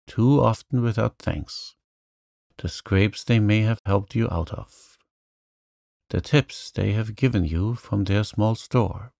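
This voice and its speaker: A man reading a classic novel aloud as a calm bedtime story, in a soothing, even manner. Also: on the low side, vocal fry, no echo, clean studio sound. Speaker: narrator.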